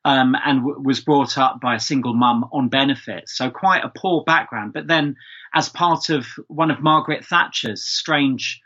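A man's voice: medium pitch, moderate pace, sharp tone, lo-fi sound. A man with a London accent, talking chattily as a guest on a podcast, with lots of fillers and restarts. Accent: London English. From England, London. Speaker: guest, speech expert. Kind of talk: casual podcast conversation.

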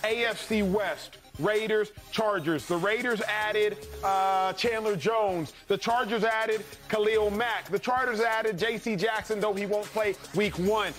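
A man hosting a sports debate show, energetic and hyperbolic with a sing-song delivery. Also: high-pitched, unhurried, hardly any pauses, faint music behind.

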